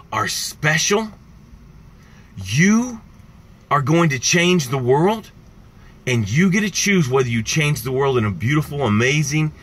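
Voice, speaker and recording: A man's voice: medium pitch, fairly bright tone. A man coaching viewers on a live stream in an impassioned, direct way, repeating his key points. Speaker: success coach. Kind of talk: motivational live-stream talk.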